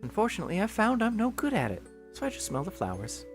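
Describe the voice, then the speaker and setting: A man doing a soft-spoken polite young woman. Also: sits high, huge pitch swings, fast talker, soft background music, voice pushed up.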